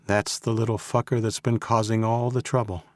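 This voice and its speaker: A man voicing a nervous male technician who talks in a brisk, clinical way, raised somewhat above his own low voice. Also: level tone, darkish tone, dry recording, clean studio sound, close to an everyday voice. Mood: businesslike. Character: nervous male robot technician, middle-aged.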